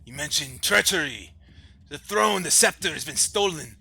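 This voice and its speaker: A man voicing a huge, gruff sea-creature king who is a worried father, speaking in a loud, indignant way. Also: on the high side, lively intonation, moderate pace, voice pushed up, heavily acted. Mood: demanding.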